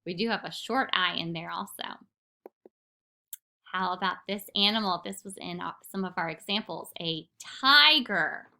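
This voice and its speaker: A woman teacher giving a recorded phonics lesson to young children, patiently sounding words out slowly and clearly. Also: on the low side, steady tone, sharp tone.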